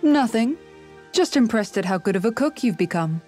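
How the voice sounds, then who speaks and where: An actress voicing a calm, caring young woman and older sister who speaks thoughtfully, in a video game. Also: on the high side, moderate pace, faint music behind, close to an everyday voice. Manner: gentle, thoughtful, soft-spoken.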